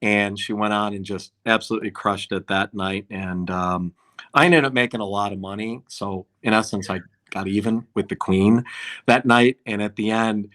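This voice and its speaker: A man's voice: on the low side, moderate pace. A man, a concert promoter, telling anecdotes in a casual podcast chat and acting out what others said. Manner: animated anecdote-telling, acts out quotes.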